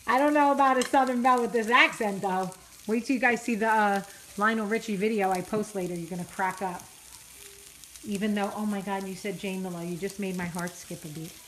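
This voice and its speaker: A chatty woman vlogger films herself cooking at the stove in her home kitchen, talking viewers through a recipe with many fillers and jokes at her own expense. Her mid-range voice is steady and a little fast. Loud sizzling from the frying pan runs underneath, with slight background noise on a low-quality recording.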